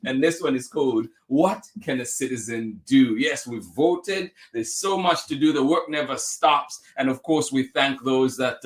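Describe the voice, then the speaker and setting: A man's voice: a little high, a bit bright. A man hosting a children's story time, reading a picture book aloud and chatting upbeat with viewers, often laughing and thanking them.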